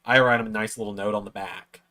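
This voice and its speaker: On the low side and sharp in tone, this man's voice moves fast with fairly even intonation. He's a watch-along host in a room at home, casually rambling through a long story about himself and voicing quoted lines loudly.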